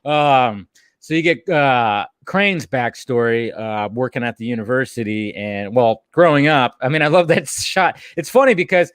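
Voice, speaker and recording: Male podcast host, casual and animated, quick to laugh, dry close sound. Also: mid-range voice, clear, resonant tone, dry recording. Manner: animated, laughs often while talking. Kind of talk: casual chat.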